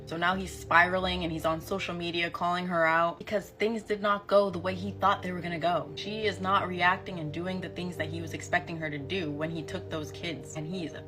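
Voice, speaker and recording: Lowish-voiced woman, sassy reaction commentary, faint music under it. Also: steady tone, fairly quick, few pauses. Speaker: commentary host.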